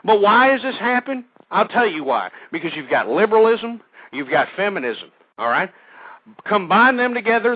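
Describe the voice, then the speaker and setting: A radio talk show host runs a call-in program, ranting in a combative, crude, repetitive way. His voice is extremely high-pitched, and the dry recording sounds tinny, like a phone line.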